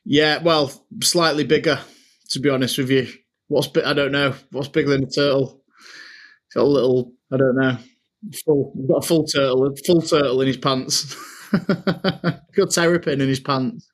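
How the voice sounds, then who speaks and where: A man's voice: medium pitch, steady tone, normal speed. A man, co-hosting a casual podcast chat and telling stories with laughs, calling his co-host mate. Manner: chatty, laughing storyteller, says "mate" a lot.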